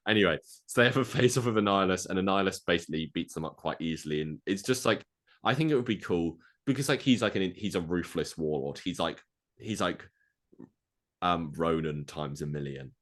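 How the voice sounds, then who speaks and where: A man co-hosting a podcast, rambling through a movie plot pitch with lots of fillers and acted-out quotes. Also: a little fast. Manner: rambling, filler-heavy, acts out quoted lines. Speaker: podcast co-host.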